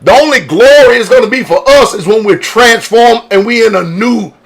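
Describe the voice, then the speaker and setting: A man's voice: very high voice, normal speed, gravelly. A man preaching on a radio broadcast, emphatic, throwing out rhetorical questions and drawing responses from listeners. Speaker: pastor. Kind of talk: radio sermon.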